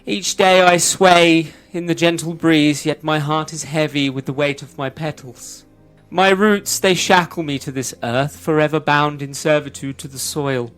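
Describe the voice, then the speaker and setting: A man's voice: fairly high pitch, steady tone, measured pace, a bit bright, clean tone, soft background music. A man voicing a melancholy talking tulip in a tabletop game, lamenting in flowery, theatrical phrases. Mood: mournful. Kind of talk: tabletop role-play voice.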